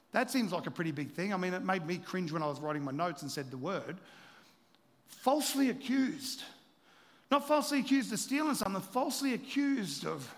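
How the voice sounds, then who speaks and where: A man preaching a sermon, animated storytelling that drops into quiet, confessional asides. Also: very high-pitched, big-room sound. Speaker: pastor.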